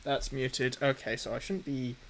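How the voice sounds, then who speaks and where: A man chatting casually on a live game stream, halting and self-mocking while he fumbles with his setup. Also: mid-range voice, level tone, a bit bright, a little hiss or hum, poor audio. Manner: halting, fumbling through tech setup with many restarts.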